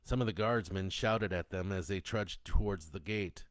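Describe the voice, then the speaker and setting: A man narrating a zombie horror story, reading in a steady, descriptive storytelling manner. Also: deep voice, normal speed, no echo. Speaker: audiobook narrator.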